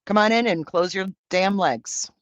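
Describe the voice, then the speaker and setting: A man's voice: sits high, normal speed, a bit bright, no room sound. A man hosting a livestream, reading out and answering viewer comments in brash, profane, campy banter. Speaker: livestream host.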